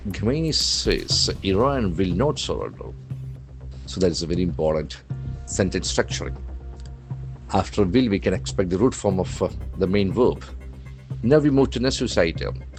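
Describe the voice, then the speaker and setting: A man's voice: low-pitched, expressive, moderate pace, music in the background. A man teaching vocabulary from the newspaper, spelling words out letter by letter and repeating them for practice. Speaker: English language trainer.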